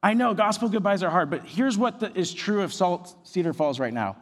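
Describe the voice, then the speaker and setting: A man preaching a sermon as a pastor, energetic and joking as he tells stories. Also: high-pitched, a little fast, big-room sound. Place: church.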